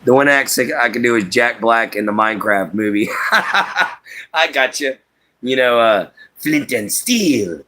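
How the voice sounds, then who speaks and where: Male streamer, bright voice, loose folksy chatter with frequent laughs. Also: medium pitch, a little slow. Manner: rambling, folksy, laughs often. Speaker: livestream host reading viewer chat. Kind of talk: casual chat.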